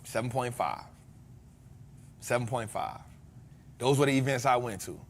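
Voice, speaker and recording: An American man hosting a casual chat, joking and breaking into loud exclamations. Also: mid-range voice, normal speed, a little hiss or hum. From United States. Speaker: podcast host.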